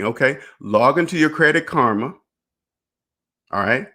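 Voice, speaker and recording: A man's voice: mid-range voice, animated, normal speed, sharp tone. A man lectures his viewers in a casual monologue, hammering his points home with rhetorical questions. His delivery is blunt and emphatic, with casual swearing and short laughs. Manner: blunt and profane, with brief laughs. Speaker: personal finance channel host. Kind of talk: casual direct-to-camera monologue.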